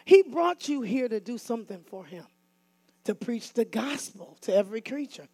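A woman minister preaching a fiery call-and-response sermon, often rising to shouts. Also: on the high side, expressive, normal speed, dry recording.

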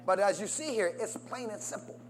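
Animated and brisk, a man preaches a sermon in call-and-response style. Again and again he calls out questions for the congregation to answer and urges them to say amen, with big shifts in pitch and loudness.

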